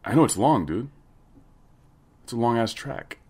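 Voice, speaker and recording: A man hosting a podcast, chatting casually in a loose, excitable, joking way. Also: medium pitch, unhurried, husky. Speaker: podcast host.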